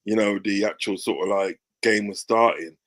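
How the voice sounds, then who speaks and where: Low-voiced guy hyped about football, keeps saying do you know what i mean. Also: normal speed, a bit bright. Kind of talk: casual football chat.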